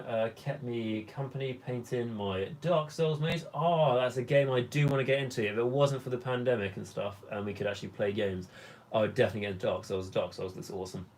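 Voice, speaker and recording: A young man hosts a casual hobby live stream and talks in a loose, rambling way. His voice sits at an ordinary middle pitch, and he fills his speech with ums and asides as he answers the chat. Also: a little mellow, slight background noise. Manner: rambling, chatty, many fillers.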